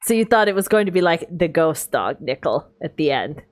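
A woman's voice: low-pitched, fairly quick. Chatty woman streamer talking to chat during gameplay, voice swoops up and down a lot. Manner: chatty, animated, talks to chat. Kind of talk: casual gameplay commentary.

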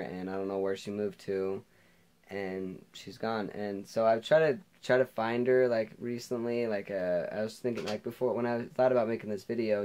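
Brief: young guy vlogger, lowish voice, chatty rambling storyteller full of fillers. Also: darkish tone, clean tone. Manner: rambling, heavy on "like" and "you know", laughs often. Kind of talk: casual storytelling.

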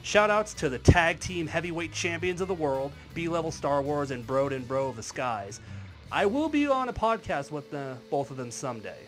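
A man's voice: fairly high pitch, expressive, moderate pace, faint music behind. A man delivering a commentary video in a wry, sarcastic manner. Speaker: YouTube commentary creator. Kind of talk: commentary vlog.

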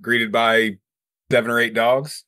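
A man's voice: mid-range voice, level tone, measured pace, sharp tone, no echo, clean studio sound. A man running a tabletop game as game master, setting scenes and asking his player questions.

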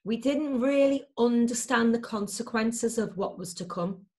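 A woman's voice: on the high side, measured pace, darkish tone. A woman, a guest in an interview, telling her story candidly and emphatically with lots of fillers.

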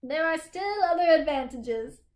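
Precise, cheerful storybook boy, high-pitched and explaining, read by a woman. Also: lively intonation, measured pace, darkish tone, echoey room. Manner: matter-of-fact, explaining. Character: precise, cheerful little boy who is half a child.

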